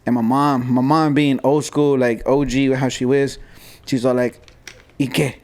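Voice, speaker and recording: A man's voice: mid-range voice, normal speed. A man in his forties from Southern California, telling a story in a casual podcast chat, acting out voices and slipping into Spanish. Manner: animated storyteller, acts out voices and slips into Spanish.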